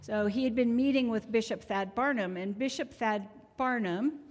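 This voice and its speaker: A woman's voice: fairly high pitch, normal speed. A woman in her sixties giving a heartfelt, conversational testimony sermon as a prayer minister in a church sanctuary. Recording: long church hall reverb.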